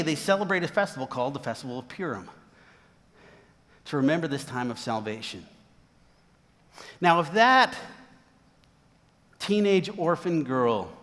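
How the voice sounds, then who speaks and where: A man's voice: a little high, long reverb tail. A man preaching a sermon, retelling a Bible story with voices for its characters.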